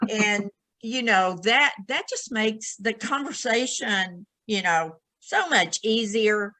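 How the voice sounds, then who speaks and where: A woman in a casual podcast chat, speaking in a thoughtful, affirming, unhurried way. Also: on the high side, expressive, sharp tone, poor audio. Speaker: podcast guest.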